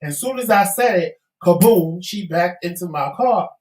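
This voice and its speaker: Animated man telling a story in an echoey room. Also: high voice, normal speed. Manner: animated storyteller, acting out quoted voices. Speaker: talk show co-host. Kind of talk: casual storytelling chat.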